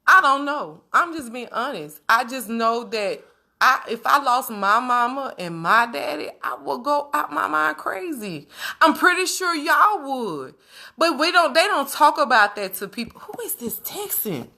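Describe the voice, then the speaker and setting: A woman's voice: high-pitched, lively intonation, a little slow, gravelly, pushed and bright. A woman vlogger in a candid, casual monologue to her viewers, speaking emphatically and repeating phrases for weight.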